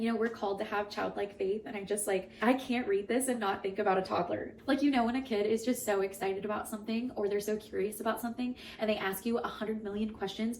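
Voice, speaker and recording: A woman's voice: mid-range voice, a little hiss or hum, rough recording. A young woman reading scripture aloud and reflecting on it in an earnest, emotional way, with chatty asides. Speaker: Bible reading host.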